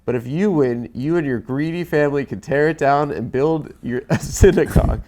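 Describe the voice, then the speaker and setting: A man's voice: on the high side, mellow, lightly acted. A man with a cold reading the part of an earnest, brave young male hero in a comedy sketch, with no accent. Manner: plain reading, deliberately no accent. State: has a cold.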